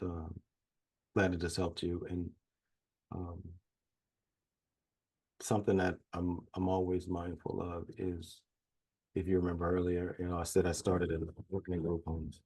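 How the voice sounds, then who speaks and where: A very low, mellow male voice with a Louisiana Southern accent, a little husky around the edges. He teaches in a folksy, joking way over a video call, like a psychologist talking shop with friends. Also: little pitch movement, a little slow, pauses often. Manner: folksy, chatty, self-deprecating humor. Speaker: psychologist and trainer. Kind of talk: casual webinar lecture.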